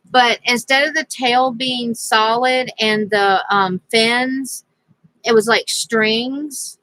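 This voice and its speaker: A woman's voice: fairly high pitch, sharp tone, no room sound, rough recording. A woman vlogger telling a rambling personal story in a casual, chatty way, laughing now and then. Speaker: crafting vlogger.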